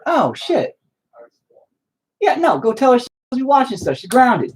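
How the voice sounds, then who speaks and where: A man's voice: very high voice, huge pitch swings, normal speed, background noise. A man chatting at home while painting, rambling through a profane, opinionated rant.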